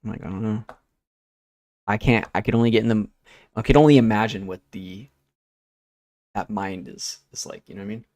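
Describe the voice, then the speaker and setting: A young streamer rambling easygoing as he works, swearing casually along the way. His voice sits low with a gravelly creak. The sound is dry and close. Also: fairly even intonation, brisk, long pauses, darkish tone, no echo. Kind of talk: casual chat while working.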